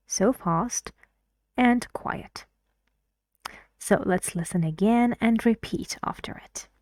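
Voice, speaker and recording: A woman's voice: a little high, slow pace, long pauses, a little mellow, no room sound, clean studio sound. A woman teaching English pronunciation, patiently drilling words and repeating them for emphasis. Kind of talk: language lesson.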